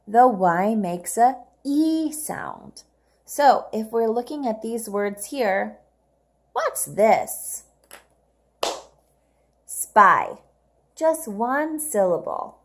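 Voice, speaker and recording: Slow, patient woman teaching children English. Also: a little high. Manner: slow, clear, patient, models words twice for repeating. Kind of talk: recorded homework lesson for young learners.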